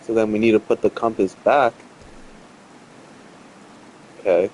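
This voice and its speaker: Low-voiced rambling gamer man. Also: fairly even intonation, unhurried, a little mellow, a little hiss or hum. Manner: rambling, repeats himself, swears freely. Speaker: gaming streamer. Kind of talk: casual let's-play commentary.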